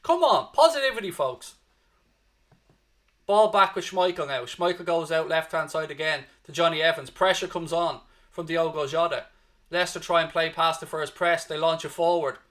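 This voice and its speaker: An Irish man from Dublin calls a football match live for a fan stream, his voice bright and forceful and a bit higher than most men's. He talks animatedly and swears freely, and he keeps pushing viewers to stay positive. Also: fairly even intonation, normal speed. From Ireland. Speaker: fan watchalong host. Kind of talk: live match commentary and chat.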